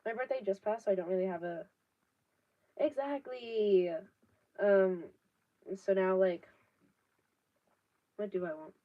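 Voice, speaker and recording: A 19-year-old woman chats casually on a live stream, rambling with plenty of fillers and casual swearing. Her medium-pitched voice is unhurried, with long pauses, and the laptop audio sounds distant and dull.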